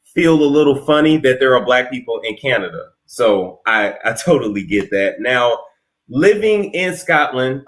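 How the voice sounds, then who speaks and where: An American man hosting a casual interview, animated and repeating his words. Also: mid-range voice. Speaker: host.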